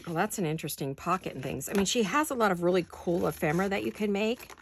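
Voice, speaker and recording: A woman's voice: on the low side, lively intonation, fast, slight background noise. An American woman hosting a casual craft chat, thinking aloud and gushing over pretty paper as she cuts it at her desk at home. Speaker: craft channel host.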